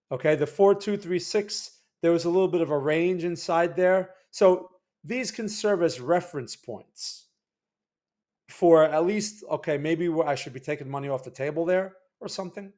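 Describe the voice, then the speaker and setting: Man, new jersey accent, slightly high voice, casual livestream market talk, chatty, keeps asking "right?". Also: a little mellow. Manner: loose, conversational, frequent restarts and "right?" check-ins. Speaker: market analysis livestream host. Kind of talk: casual livestream chart commentary.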